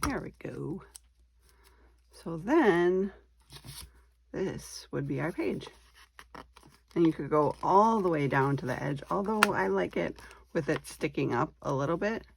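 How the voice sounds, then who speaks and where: Low, slow-talking woman crafting aloud. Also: animated, gravelly, slight background noise. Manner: chatty, thinking aloud while working, self-deprecating. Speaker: craft tutorial host. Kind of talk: casual step-by-step craft demonstration.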